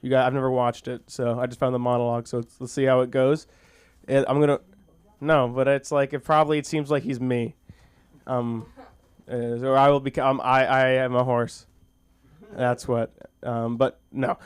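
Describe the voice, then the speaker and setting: Guy doing open mic standup, goofy and self-deprecating, keeps restarting sentences, smooth voice, dry sound. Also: mid-range voice, little pitch movement, no room sound. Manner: rambling, halting, with frequent restarts. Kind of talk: stand-up comedy and recited monologue at an open mic. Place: small comedy school stage. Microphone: handheld stage mic.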